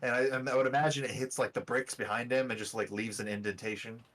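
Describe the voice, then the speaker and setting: A man's voice: medium pitch, fairly even intonation, fast, a bit bright. A man acting as game master, talking casually and patiently explaining the rules. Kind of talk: casual tabletop game narration.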